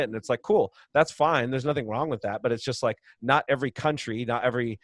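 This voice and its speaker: A man's voice: mid-range voice, brisk, few pauses, no room sound. A man, a brewery co-founder and podcast guest, explaining at length in a chatty way and laughing often, heard over a video call. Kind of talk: casual podcast interview.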